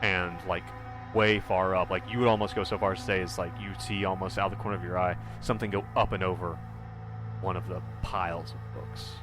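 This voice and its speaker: A man's voice: deep voice, fairly even intonation, brisk, music in the background. A man narrating a tabletop horror game as game master, rambling with lots of fillers.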